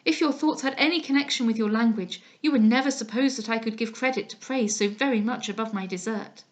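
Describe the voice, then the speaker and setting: A woman's voice: a little fast, close to an everyday voice. Woman reading as a frightened proper young lady. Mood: reproving. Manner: high, breathless pleading. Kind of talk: dramatized audiobook reading.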